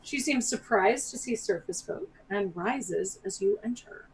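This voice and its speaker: A woman narrating a tabletop game as game master, relaxed and quick to laugh. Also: medium pitch, husky, recorded from a distance, rough recording.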